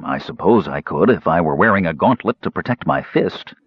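A man's voice: low voice, lively intonation, brisk, slightly rough, no echo, muffled recording, exaggerated voice. A man voicing a big, simple-hearted young male warrior in an audiobook, plain and earnest, a bit defensive. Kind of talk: audiobook character voice.

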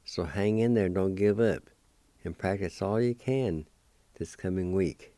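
A man with a very low, dark voice teaches vocabulary at an unhurried pace. He spells each word, then repeats it several times with patient encouragement. The sound is dry and close. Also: no room sound. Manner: slow, patient, spells words out and repeats them. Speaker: language teacher and radio host. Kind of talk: radio language lesson.

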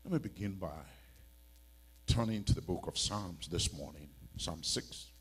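A man's voice: deep voice, measured pace, a bit bright, slightly rough. A man preaching a church sermon as a bishop, pleading and emphatic, with many rhetorical questions.

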